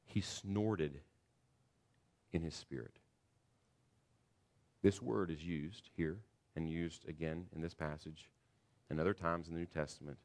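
A man preaching a sermon in a church, earnest and building to loud, emphatic passages. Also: a bass voice, steady tone, unhurried, long pauses. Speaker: pastor.

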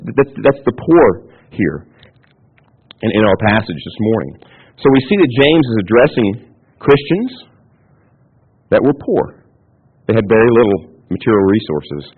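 A man's voice: medium pitch, breathy edge. A male pastor preaching an expository sermon. He teaches step by step, checks in with his listeners often, and repeats words when he restarts a sentence. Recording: tinny phone-band radio broadcast.

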